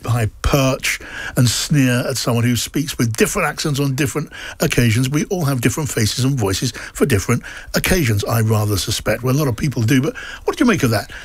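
A man's voice: medium pitch, expressive, a little fast, breathy edge, no echo. A man from South London hosting a radio talk show, chatty and self-deprecating. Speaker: host.

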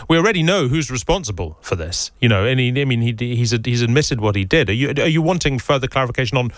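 A man presenting on radio, interviewing guests with brisk, conversational questions. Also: medium pitch, lively intonation, dry recording.

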